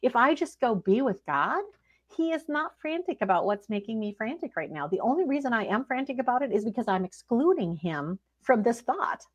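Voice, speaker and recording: A woman giving an earnest, expressive devotional teaching talk, acting out prayers and laughing now and then. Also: a little high, normal speed. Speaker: Christian speaker.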